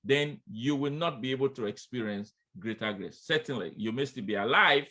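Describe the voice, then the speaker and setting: A man delivering a sermon with a bright, forceful tone. He repeats his key lines and calls out to the congregation, talking to them directly as friends. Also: medium pitch, moderate pace. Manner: emphatic, repeats refrains, calls out "come on, somebody"; addresses listeners directly as friends. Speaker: preacher.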